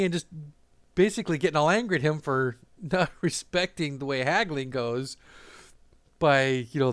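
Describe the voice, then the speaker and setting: A man's voice: fairly high pitch, no room sound. A man casually telling a travel story, rambling with frequent fillers, restarts and laughter.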